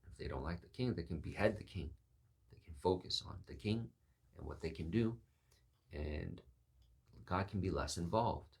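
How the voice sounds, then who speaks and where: A man's voice: low-pitched, moderate pace, gravelly, long pauses. A man giving a reflective, sermon-style talk, musing aloud and acting out quoted voices.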